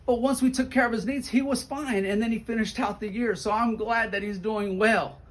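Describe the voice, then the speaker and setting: A man, a school principal, telling stories in an animated update video for donors and acting out the quotes. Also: sits high, normal speed. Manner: warm, animated storyteller who acts out quotes.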